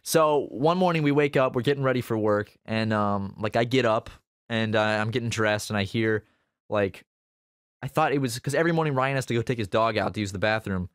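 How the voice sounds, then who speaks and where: A young man co-hosting a casual podcast, telling a story with animated delivery and bursts of laughter. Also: fairly low pitch, a little fast, clear, resonant tone, no echo, studio quality. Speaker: podcast co-host.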